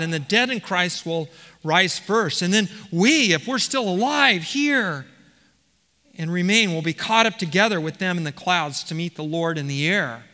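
A high-pitched man with a sharp tone preaches as pastor, moving through scripture verse by verse. He reads passages out loud and frequently begins his phrases again, his words ringing in a reverberant hall.

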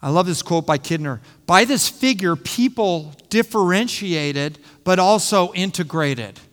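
A man's voice: sits high, animated, unhurried, a bit bright, big-room sound. A middle-aged man preaching an expository sermon, teaching and repeating phrases for emphasis. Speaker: pastor.

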